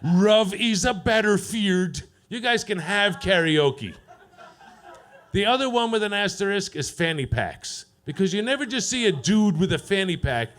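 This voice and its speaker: A man doing a profane stand-up set at an open mic, deadpan and teasing the crowd. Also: high voice, normal speed. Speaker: stand-up comedian. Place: comedy club stage.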